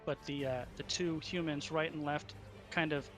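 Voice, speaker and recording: A man narrating as dungeon master, halting often with ums and uhs. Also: a little high, steady tone, a bit bright, faint music behind. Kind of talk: narrating a tabletop game.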